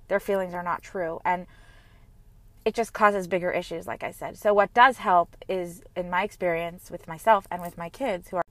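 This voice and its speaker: A woman's voice: lowish voice, no echo. Earnest woman reflecting, dry close sound. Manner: earnest, heartfelt, gently reflective. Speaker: mother sharing personal reflections. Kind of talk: personal monologue.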